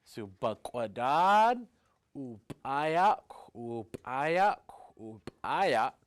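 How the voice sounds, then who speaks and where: A man telling a traditional story, speaking each phrase slowly and then translating it into English, with chant-like repetitions. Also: medium pitch, big pitch swings. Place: community storytelling event.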